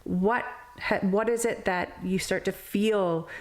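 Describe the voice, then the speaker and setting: A woman's voice: mid-range voice, fairly even intonation, slow. A woman therapist speaking as a podcast guest, compassionate and reflective. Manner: compassionate, reflective, asks probing why questions.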